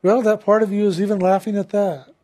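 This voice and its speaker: A man with a notably high voice delivers a spiritual talk. He speaks gently and reflectively, and laughs readily as he recounts a story. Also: flat delivery, fairly quick. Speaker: spiritual teacher.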